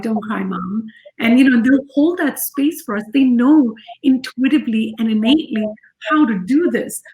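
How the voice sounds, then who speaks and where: A middle-aged woman, a parenting expert, explaining her ideas calmly and gently in an interview, repeating her key phrases. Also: medium pitch. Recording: echoey room.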